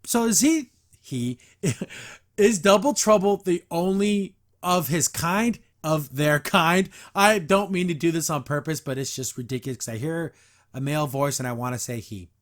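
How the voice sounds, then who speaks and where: A man's voice: a little high, moderate pace. A man hosting a podcast, giving a blunt, sarcastic, exasperated review of an episode in casual commentary. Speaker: podcast host.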